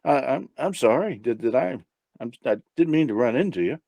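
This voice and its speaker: A man's voice: medium pitch, lively intonation, fairly quick, creaky, warm tone, no room sound, voice pushed up. A man voicing a nervous, meek blind man who stammers, apologizes and talks with folksy, rustic grammar in a tabletop game. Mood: apologetic.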